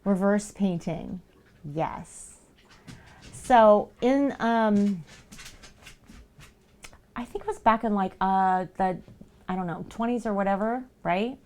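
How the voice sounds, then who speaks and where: An unhurried woman streamer talks through her painting at home in a mid-pitched voice. She rambles along, circling back with lots of "like" and "um". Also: a little mellow. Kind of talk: casual chat. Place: at home with pets nearby.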